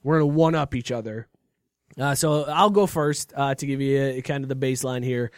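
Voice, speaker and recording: A man hosting a casual sports podcast, telling stories in a joking, animated way with frequent laughs. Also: medium pitch, a little fast, no room sound, clean studio sound. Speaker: podcast host.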